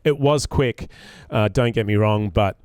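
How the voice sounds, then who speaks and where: A man's voice: lowish voice, measured pace, a little mellow, smooth, no echo. An Australian man and former player telling a cricket story in casual chat, with many ums and restarts.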